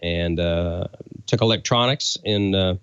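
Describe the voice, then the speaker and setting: A man's voice: sits low, a little slow, clear, resonant tone, no room sound, highs cut off. A man from Oklahoma, a radio broadcaster and co-host, telling stories in casual chat with lots of fillers. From Oklahoma, USA. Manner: relaxed storytelling with fillers.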